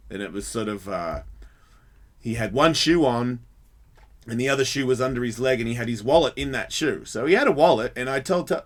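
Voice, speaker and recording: A man hosting a radio show, telling a story in a casual and lively way, swearing freely and acting out the other people's voices. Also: mid-range voice. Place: radio studio.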